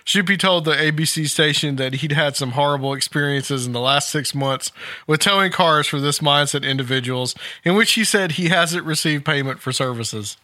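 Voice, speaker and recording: A man with a bright, somewhat high voice reads a news article aloud with casual amusement, breaking into chuckles. The sound is close and dry, with no room around it. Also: moderate pace, no echo. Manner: amused, laughs while reading. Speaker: podcast host.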